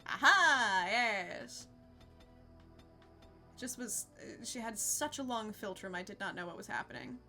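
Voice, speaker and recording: A woman's voice: mid-range voice, very animated, a little slow, long pauses, sharp tone, soft background music. A young woman streaming a game, chatting casually with her viewers and laughing often. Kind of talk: casual live-stream chat.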